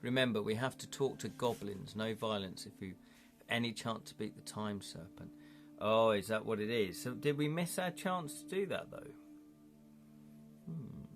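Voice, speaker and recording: A man's voice: lowish voice, expressive, moderate pace, soft background music. A man playing a gamebook live, reading its passages aloud and thinking aloud with his viewers. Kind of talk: live-streamed gamebook play, narration and chat.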